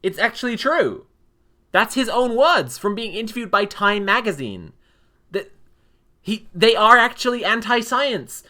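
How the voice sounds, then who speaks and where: A woman streamer giving animated, profane reaction commentary and laughing often. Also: on the high side, unhurried.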